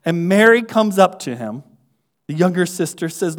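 A man preaching a sermon, moving between hushed near-whispers and loud, fervent emphasis, building with repeated phrases. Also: high voice, expressive, moderate pace.

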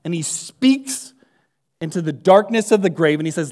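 A man preaching a sermon, moving between hushed near-whispers and loud, fervent emphasis, building with repeated phrases. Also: on the high side, lively intonation, normal speed.

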